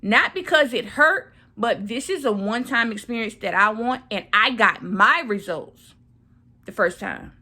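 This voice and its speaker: Bright-voiced woman telling her story. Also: a little high, measured pace. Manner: animated, repeats phrases for emphasis. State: recovering from surgery. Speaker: vlogger. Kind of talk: casual storytelling to camera.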